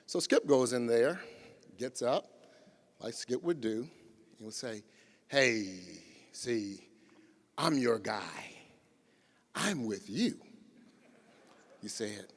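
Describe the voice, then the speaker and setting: A man's voice: mid-range voice, lively intonation, slow, pauses often. A man giving a memorial tribute, telling a humorous anecdote and acting out the quotes as he speaks to a large gathering. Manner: warm storytelling, acting out quotes. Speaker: former athletics colleague giving a tribute. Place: large arena memorial service. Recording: long reverb in a big arena.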